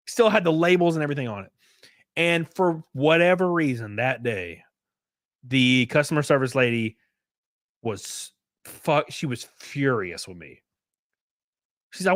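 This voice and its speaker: A man's voice: on the high side, animated, normal speed, a bit bright, no echo, studio quality. Profane, laid-back male streamer. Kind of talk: casual livestream chat.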